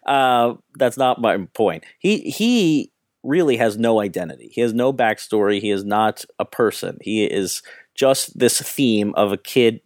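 A man's voice: mid-range voice, lively intonation, moderate pace, dry recording, clean studio sound. A man co-hosting a podcast, talking about films in a casual, opinionated and emphatic way. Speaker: podcast co-host, film critic. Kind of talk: casual film review chat.

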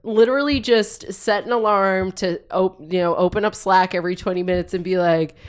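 A woman's voice: medium pitch, fairly even intonation, fairly quick. A woman in casual podcast chat, playful and jokey.

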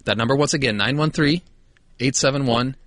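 A man's voice: mid-range voice, a little fast, fairly bright tone, no echo, studio quality. A man co-hosting a podcast in casual chat, joking around, swearing freely and laughing often. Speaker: podcast co-host.

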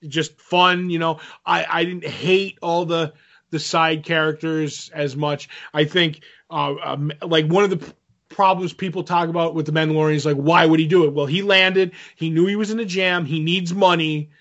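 Man, podcast co-host, casual rambling chat, slightly high voice, muffled lo-fi sound. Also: fairly even intonation, normal speed, fairly bright tone. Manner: rambling, many fillers and restarts. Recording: dull lo-fi audio.

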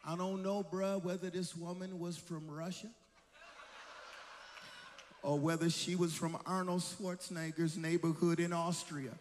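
Older pastor, high voice, sermon in a big echoey church, storytelling n shouting. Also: male voice, flat delivery, measured pace, slight background noise. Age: 60s. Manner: storytelling, building to shouted preaching.

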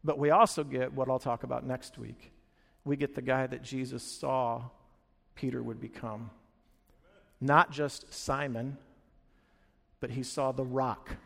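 A man preaching a sermon as a pastor, telling stories with energy, acting out quoted lines and dropping to quiet earnest moments. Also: mid-range voice, little pitch movement, unhurried, creaky, pauses often, in a large hall.

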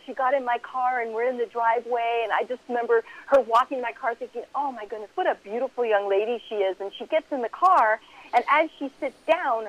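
A woman telling stories over a muffled line. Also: a little high. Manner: animated, acts out her own past reactions. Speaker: author and guest. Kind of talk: conversational interview storytelling.

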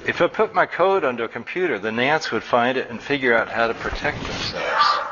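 A man reading aloud and voicing a stubborn, agitated middle-aged male engineer who explains things in a rapid, insistent rush. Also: mid-range voice, animated, close to an everyday voice. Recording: dull recording with faint room noise.

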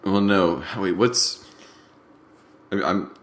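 A man co-hosting a casual podcast over a video call, halting and dryly joking at his own expense. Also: low voice, expressive. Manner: dry, self-deprecating humor, halting. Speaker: podcast co-host. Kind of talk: casual chat. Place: home room, on a video call.

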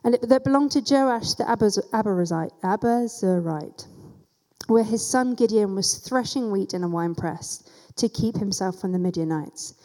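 A woman's voice: mid-range voice, normal speed, mellow, in a large hall. A woman giving a sermon as a church teacher, retelling scripture in a conversational way with casual asides.

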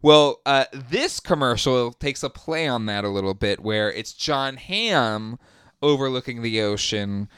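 A man in easy podcast banter, his voice smooth and resonant at a middling pitch. He rambles through ideas with plenty of ums and laughs. The sound is close and dry, with no room around it. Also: animated, a little slow, fairly bright tone, dry recording. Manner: rambling, laughs often, many fillers. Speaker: podcast co-host. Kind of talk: casual chat.

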